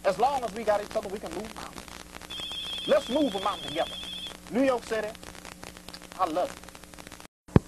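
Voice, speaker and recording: A man's voice: sits high, lively intonation, moderate pace, long pauses, noisy background. A man hosting a live call-in show, talking in a theatrical, preachy way and calling callers "honey".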